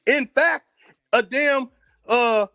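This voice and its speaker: A man's voice: extremely high pitch, extremely slow, bright, forceful tone, faint music behind. An American man hosting his own channel, delivering a heated, profane commentary rant, combative and repeating words as he gets worked up. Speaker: channel host.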